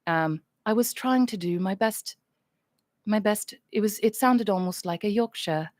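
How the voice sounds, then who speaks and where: A woman's voice: mid-range voice, a little slow, a little mellow, no echo, studio quality. A woman from the United States, chatting casually on a livestream with fans, goofy and rambling as she reads chat comments aloud.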